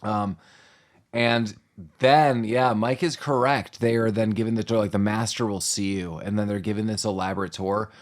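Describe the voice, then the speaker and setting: A man's voice: fairly low pitch, fairly even intonation, moderate pace. A man co-hosting a podcast, rambling and laughing as he talks through a film. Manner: giggly, rambling with fillers. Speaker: podcast co-host. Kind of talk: casual movie recap chat.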